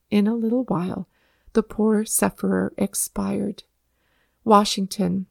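Woman reading a history story out loud, slow and steady, a bit of fry, dry sound. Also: mid-range voice, dry recording. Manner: calm, measured storytelling. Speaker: narrator.

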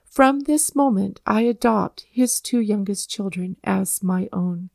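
A woman's voice: mid-range voice, slow pace, gravelly, darkish tone, no echo, studio quality. A woman voicing a dignified male general who speaks in a grave, formal way.

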